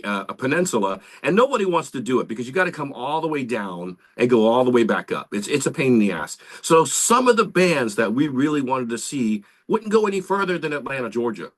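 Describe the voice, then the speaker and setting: A man, co-hosting a podcast in casual, animated talk. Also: medium pitch. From Central Florida, US. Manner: animated, swearing, lively storytelling. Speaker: podcast co-host, band member.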